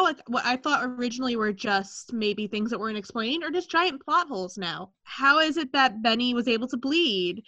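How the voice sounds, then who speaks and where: A woman co-hosting a casual TV show discussion, talking in an animated, ranting way with lots of "like". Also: fairly high pitch, muffled recording.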